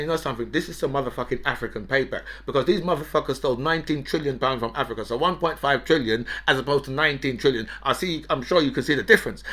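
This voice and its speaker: A man's voice: fairly high pitch, a bit bright. A man hosting a political commentary show, ranting in a mocking, profane, gloating way.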